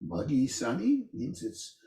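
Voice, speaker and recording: An older man with a gravelly, fry-edged voice gives a relaxed classroom talk on a poem. He speaks slowly and halts often, doubling back on his words as he thinks. His voice lifts when he reads lines of verse aloud. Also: roomy sound. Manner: thoughtful, halting, with frequent restarts and "uh"s; livelier and higher when reading verse aloud. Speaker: lecturer teaching a poetry class. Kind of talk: informal classroom lecture.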